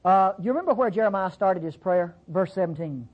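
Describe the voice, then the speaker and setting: A Bible teacher giving a folksy, conversational sermon-style lesson, acting out quotes with sudden pitch jumps. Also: expressive, a little fast, highs cut off.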